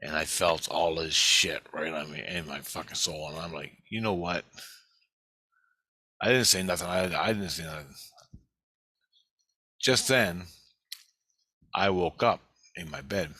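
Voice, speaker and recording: Low-voiced man, tense bright edge, dry close sound, profane rambling monologue. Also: breathy edge, dry recording. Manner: profane, rambling, halting restarts. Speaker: storyteller recounting a dream.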